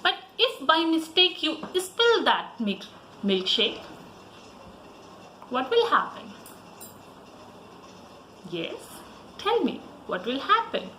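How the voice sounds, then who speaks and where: A woman teacher with an Indian English accent, giving a slow, sing-song language lesson to young children. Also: sits high, roomy sound, a little hiss or hum, poor audio. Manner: slow, lively, sing-song teaching voice with repeat-after-me prompts.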